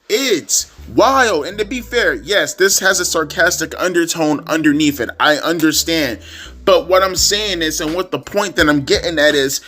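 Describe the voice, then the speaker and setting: A man's voice: fairly high pitch, pushed and bright. A young man ranting as a YouTube wrestling commentator, profane, repetitive and exasperated.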